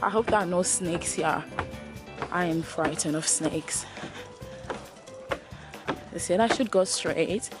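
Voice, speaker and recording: A woman vlogging outdoors on a rainforest hill, excitable and often exclaiming in fright and awe. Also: lowish voice, slow pace, pauses often. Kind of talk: casual travel vlog. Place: outdoors on a hillside rainforest trail. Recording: music playing over the voice.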